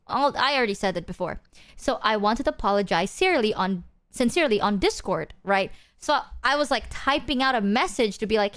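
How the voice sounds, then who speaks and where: A woman's voice: fairly high pitch, fairly bright tone. A woman streamer chatting casually with viewers, candid and self-deprecating, swearing freely and restarting her sentences. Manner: restarts and filler-heavy.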